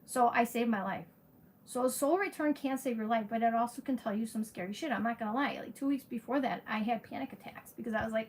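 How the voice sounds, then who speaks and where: A woman's voice: fairly high pitch, a little fast. Chatty frank woman astrologer, noisy background. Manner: chatty, frank, answers viewers by name. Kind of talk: casual livestream chat. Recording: steady background noise.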